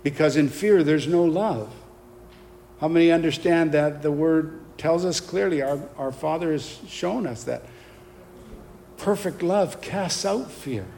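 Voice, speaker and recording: Impassioned pastor in a reverberant hall. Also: male voice, a little high, slow, vocal fry, pauses often. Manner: impassioned, rising to forceful emphasis, call-and-response. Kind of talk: sermon. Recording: long hall reverb, faint background noise.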